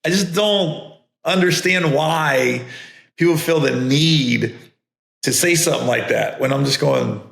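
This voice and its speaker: Male comedian host, casual storyteller, rambling, forceful bright tone. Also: on the high side, unhurried, gravelly. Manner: rambling, with many restarts and mimicked voices. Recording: echoey room.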